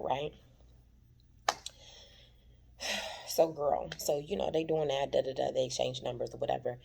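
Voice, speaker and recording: A woman's voice: low voice, gravelly, mellow, breathy edge. A woman chattily retelling a TV episode in a dramatic recap, recording from her workplace. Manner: chatty, dramatic retelling, calls listeners "child". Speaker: TV recap vlogger.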